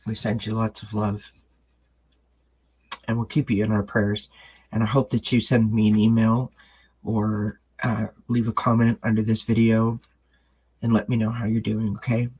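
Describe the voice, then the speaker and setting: A man's voice: fairly low pitch, little pitch movement, moderate pace, long pauses, darkish tone, husky, rough recording. A man giving a live-streamed tarot reading, reassuring his viewers and greeting the chat by name. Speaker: tarot reader.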